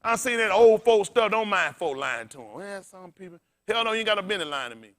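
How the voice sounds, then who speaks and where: A man preaching with a high, bright, ringing voice, calling out questions for the congregation to answer. He is blunt and profane, animated, and often breaks into laughter. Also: quick pace. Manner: loud call-and-response preaching, blunt and profane. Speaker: pastor. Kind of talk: sermon.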